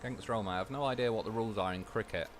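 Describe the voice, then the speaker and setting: A young man livestreams a game and chats casually, rambling through anecdotes and swearing freely. His voice is lowish and rapid-fire, with slight background noise.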